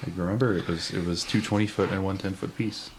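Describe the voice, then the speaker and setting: A man playing a tabletop game, chatting in a lively, animated way. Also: sits low, quick pace, slight background noise. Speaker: player.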